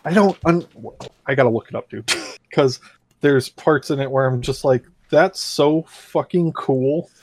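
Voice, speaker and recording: A man's voice: medium pitch, normal speed, dry recording. A man in casual chat, enthusiastic and swearing, reading passages aloud in a half-acted voice. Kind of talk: casual chat about a comic book.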